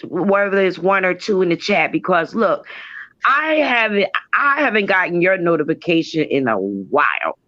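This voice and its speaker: A man's voice: high voice, sing-song, normal speed, no echo. Man, from New Jersey, live-stream guest, earnest and spiritual, dull lo-fi call audio, dry sound. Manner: earnest, spiritual, wandering phrasing. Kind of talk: casual live-stream chat.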